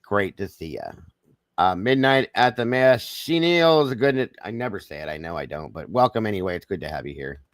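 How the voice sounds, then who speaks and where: Southern man hosting a livestream, low voice. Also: expressive, fast, hardly any pauses, dry recording, studio quality. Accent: Southern American. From Southern United States. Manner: warm, folksy, greets viewers by name. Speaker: livestream host. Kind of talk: casual livestream greetings.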